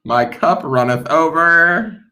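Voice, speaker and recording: A man's voice: on the high side, slow pace, pushed and bright. A man hosting a casual tarot deck unboxing stream, playful and joking as he goes. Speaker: tarot reader and channel host.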